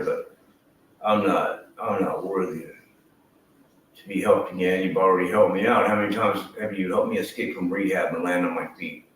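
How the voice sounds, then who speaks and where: A man who streams, giving a rambling, earnest and emotional personal testimony and swearing freely. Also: on the low side. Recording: echoey room with faint noise.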